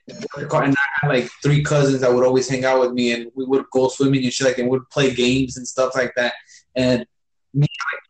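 A young man tells a story in loose casual chat, swearing constantly and padding every line with fillers. His voice is mid-pitched, and the room around him rings with echo. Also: a little hiss or hum. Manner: heavy swearing, rambling storytelling with lots of fillers. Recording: echoey room.

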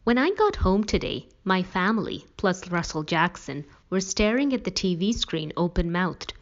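A woman's voice: on the low side, big pitch swings, normal speed, muffled recording. A woman reading a first-person story in a wry, dramatic storytelling manner.

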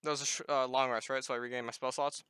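A man's voice: mid-range voice, level tone, rapid-fire, crowd noise. A man playing a tabletop game, joking and playful with his friends. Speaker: player. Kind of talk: casual tabletop play.

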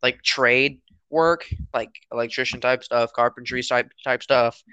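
A teenage man co-hosting a podcast in casual chat, rambling and acting out his parents in loud quotes. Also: medium pitch, fairly even intonation, measured pace, smooth, no echo, lo-fi sound. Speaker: podcast co-host.

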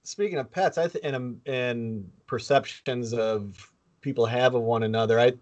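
A middle-aged man who grew up near the Canadian border, co-hosting a podcast in a halting, thoughtful way. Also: medium pitch, dull audio. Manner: halting and thoughtful, many fillers and restarts. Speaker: co-host. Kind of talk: casual podcast chat.

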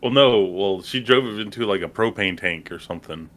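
A man in casual movie chat, relaxed and dry, filling in plot details. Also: fairly low pitch, moderate pace. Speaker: podcast co-host.

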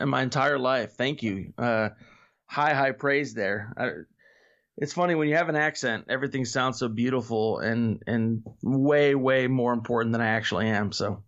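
A man's voice: medium pitch, normal speed, creaky, a bit bright, lo-fi sound, faint music behind. A man guesting on a casual podcast speaks in an ordinary mid-range voice. He is playful and teasing, and keeps heaping praise on the host. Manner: playful, joking, effusive with praise.

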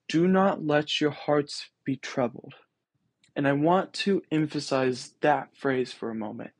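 A man's voice: fairly high pitch, breathy edge, no room sound. A young man hosting a podcast, reflecting on scripture in a casual, earnest way with many ums and restarts. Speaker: podcast host.

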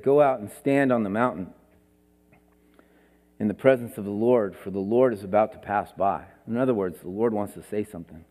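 A man preaching a sermon as pastor, swinging from loud exclamations to hushed, near-whispered lines. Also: mid-range voice. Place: church hall. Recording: long hall reverb.

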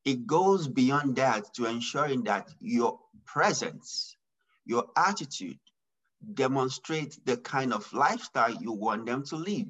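Deliberate, emphatic male pastor guest. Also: mid-range voice, lively intonation, fairly bright tone, breathy edge, low-quality recording. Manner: deliberate, emphatic, stresses key words and lists points. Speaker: pastor and business executive, interview guest. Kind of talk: measured interview answers.

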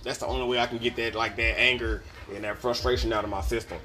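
A man's voice: mid-range voice, little pitch movement, quick pace, sharp tone, a little hiss or hum. A young man, telling a podcast story in a casual, profane, laughing way. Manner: profane, laid-back, laughing asides. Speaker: podcast host.

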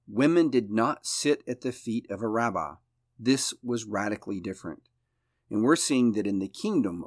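A man, a pastor, giving a conversational Bible study and explaining each point in a thoughtful, steady way. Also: fairly low pitch, dry recording, clean studio sound.

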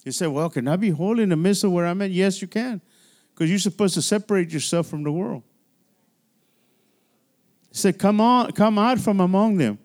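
A man's voice: sits high, moderate pace, pauses often, darkish tone. A man pastor preaching a midweek church sermon in a conversational style, with frequent restarts and call-and-response. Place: church sanctuary.

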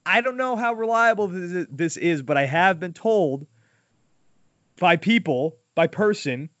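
A man's voice: high-pitched, lively intonation, unhurried, a bit bright, dry recording. A man hosting a podcast in casual, opinionated sports chat, talking emphatically. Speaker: podcast host. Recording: dull lo-fi dry sound.

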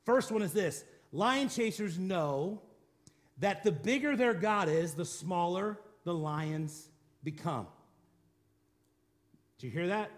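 A man's voice: high voice, fairly bright tone. A man preaching a sermon, driving his points home with repeated declarations and rhetorical questions, and calling on the congregation to respond. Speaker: pastor.

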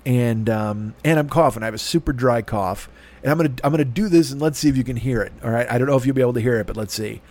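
A middle-aged man hosting a podcast, rambling through a profane, self-deprecating comedic monologue with a rough throat and a stuffy nose. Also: medium pitch, fast talker, darkish tone. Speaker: podcast host.

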